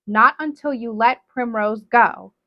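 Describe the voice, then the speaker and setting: A woman's voice: on the high side, unhurried. A woman voicing a desperate defiant young woman. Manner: pleading and defiant, raised voice. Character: desperate young woman defying her mother. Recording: dull lo-fi dry sound.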